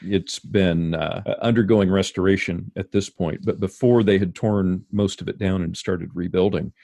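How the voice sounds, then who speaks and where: A man's voice: low voice, steady tone, moderate pace, creaky, warm tone, no echo, studio quality. A man hosting an interview, reacting to the stories and asking follow-up questions in casual chat. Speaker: interview host.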